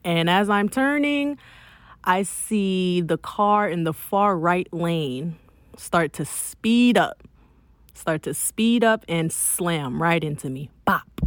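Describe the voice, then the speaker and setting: A young woman from Miami telling a personal story in a casual, emphatic, animated way, often saying "like.". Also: on the low side, slow pace, dry recording. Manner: emphatic, animated retelling with frequent "like".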